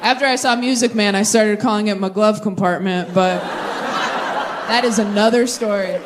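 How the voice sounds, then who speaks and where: A young woman doing live stand-up and crowd work, brash and profane, with quick tangents. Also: mid-range voice, steady tone, heavy background noise. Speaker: stand-up comedian. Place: comedy stage before a live audience.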